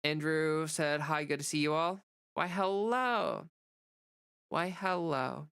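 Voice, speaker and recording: A woman with a deep, steady, fairly bright and smooth voice speaks at a measured pace, though a cold leaves her sounding stuffy and nasal. She's a livestreamer and content creator rambling through casual chat and reading viewer comments, chatty and full of fillers.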